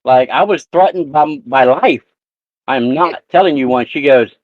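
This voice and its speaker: A man hosting a casual live talk show, spinning a profane, animated family story. His mid-pitched voice comes through dry and a bit dull, with no room sound. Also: moderate pace, dry recording. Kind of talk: casual chat.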